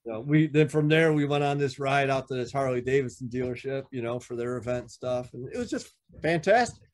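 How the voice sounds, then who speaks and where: A man, a veteran motorcycle club member on a podcast, telling stories casually, swearing often and acting out what others said. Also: brisk. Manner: profane, acts out quoted dialogue with shifting pitch. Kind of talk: casual storytelling.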